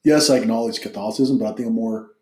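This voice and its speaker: Guy hosting a podcast, talks fast and chatty, kinda low voice. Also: echoey room. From Mexican-American family. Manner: chatty, animated, asks many questions. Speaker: podcast host. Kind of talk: casual interview.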